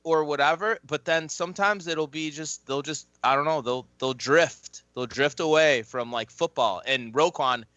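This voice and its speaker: A man and former football player chatting casually as a podcast guest, rambling and swearing freely as he tells animated stories. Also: on the high side, moderate pace, few pauses, no room sound, lo-fi sound. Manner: rambling, profane, animated storytelling. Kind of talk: casual chat.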